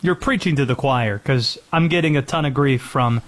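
A man's voice: mid-range voice, normal speed. A man hosting a sports talk show, arguing about college football with a sarcastic, mocking tone. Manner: sarcastic, mocking rival fans. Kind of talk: casual college football debate.

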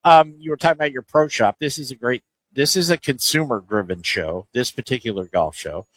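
A man's voice: mid-range voice, expressive, fairly quick, fairly bright tone, dry recording, rough recording. A man hosting a casual interview at a golf show booth, asking easygoing, rambling questions.

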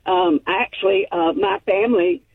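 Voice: medium pitch, husky, no echo. Earnest caller on a tinny phone line. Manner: earnest, halting. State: coughing, slightly hoarse. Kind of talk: phone-in call.

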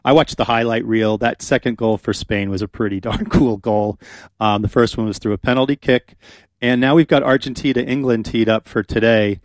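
A man's voice: mid-range voice, fairly even intonation, normal speed, dry recording. A man hosting a radio talk show, chatting casually and rambling with many fillers from a studio.

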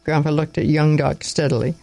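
A man narrating a story aloud in a plain, measured reading with small slips. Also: on the high side, level tone, vocal fry, warm tone, no echo, soft background music, poor audio.

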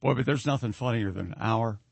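A man's voice: medium pitch, brisk, vocal fry, breathy edge, no room sound. A man hosting a casual radio show, joking with his co-hosts and reading out listener emails. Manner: jokey, teasing, reads listener emails aloud. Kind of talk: casual morning show banter.

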